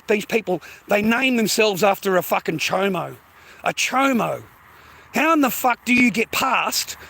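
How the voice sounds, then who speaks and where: High, bright-voiced ranting man. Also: low-quality recording. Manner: profane, repetitive, sprinkles "mate" and "bro". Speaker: vlogger. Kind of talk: angry ranting monologue.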